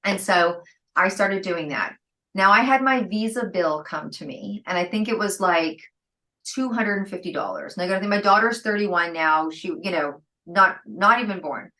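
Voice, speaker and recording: Lively middle-aged woman telling stories. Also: medium pitch, moderate pace, rough recording. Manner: lively, acts out quoted dialogue, laughs often. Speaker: guest entrepreneur. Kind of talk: storytelling interview talk.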